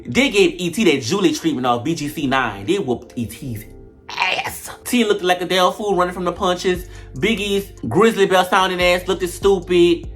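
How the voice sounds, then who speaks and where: A woman giving blunt, slangy commentary on a reality show, swinging between loud outbursts and low mutters. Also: normal speed, faint music behind. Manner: animated, blunt, slangy trash talk. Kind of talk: casual reaction commentary.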